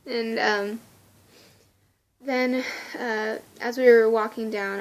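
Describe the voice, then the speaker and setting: Gushing, excitable young woman. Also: a little high, unhurried. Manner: gushing and excitable, laughing often. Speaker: vlogger. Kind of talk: casual storytelling vlog.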